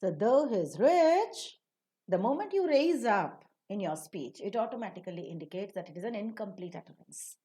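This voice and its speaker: Woman teaching intonation, mellow tone. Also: medium pitch, lively intonation. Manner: slow, deliberate, spells out each example; repeats example sentences with exaggerated intonation. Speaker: English phonetics teacher. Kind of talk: recorded lecture.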